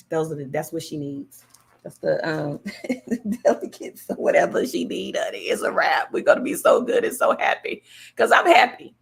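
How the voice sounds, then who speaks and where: A woman's voice: sits low, gravelly. A woman hosting a casual political livestream, talking emphatically, repeating her points and answering viewers' comments. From California. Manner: chatty, emphatic, repeats herself, reads viewer comments aloud. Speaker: livestream host.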